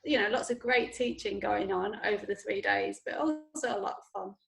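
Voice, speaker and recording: A woman's voice: medium pitch, moderate pace, creaky. A woman guest in a casual chat, laughing often and talking with enthusiasm.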